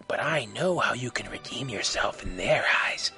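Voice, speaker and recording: A man's voice: medium pitch, animated, normal speed, gravelly, bright, forceful tone, soft background music, voice pushed down, heavily acted. A man playing a sly fox clown villain. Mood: sneering. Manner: sneering, wheedling, sometimes whispery. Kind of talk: amateur audio story reading.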